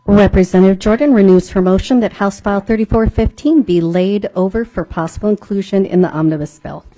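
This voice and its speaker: A woman chairing a legislative committee hearing, brisk and procedural. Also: medium pitch, dark tone. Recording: dull, lo-fi hearing room audio.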